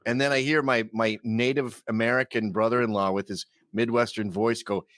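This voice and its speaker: A man's voice: medium pitch, steady tone, moderate pace, fairly bright tone, no room sound, studio quality. A man guesting on a podcast, telling crude, rambling stories in casual chat.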